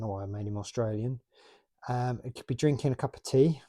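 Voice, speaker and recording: A man's voice: mid-range voice, a little fast, dark tone. A man in his late forties from the UK, chatting casually and rambling about his toy collection. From United Kingdom. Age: 40s. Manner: rambling, chatty, self-mocking.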